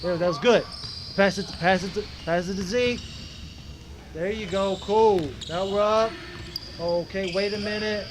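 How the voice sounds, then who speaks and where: A man's voice: high voice, a little slow, background noise. A man commenting casually on footage of his own basketball game, frustrated and critiquing his teammates. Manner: frustrated, animated coaching critique.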